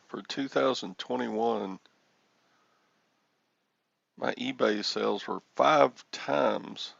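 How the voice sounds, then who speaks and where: A man's voice: medium pitch, gravelly, a bit bright, slightly rough, no room sound, muffled recording. A man in his sixties hosting a reseller livestream, rambling and joking as he answers chat comments. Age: 60s.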